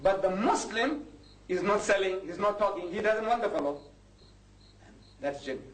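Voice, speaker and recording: Impassioned older preacher in an echoey hall. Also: male voice, high-pitched, lively intonation, moderate pace. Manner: impassioned, rising to indignant outbursts. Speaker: Muslim preacher. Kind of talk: lecture to a live audience. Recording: echoey hall, distant mic, faint noise.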